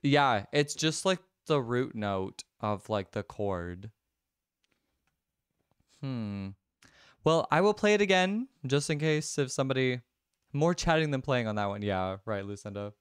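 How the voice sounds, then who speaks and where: A man's voice: mid-range voice, lively intonation, unhurried, clean tone, no room sound, studio quality. A young man livestreaming a music quiz, chatting casually, laughing often and answering viewers by name. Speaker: livestreamer and singer.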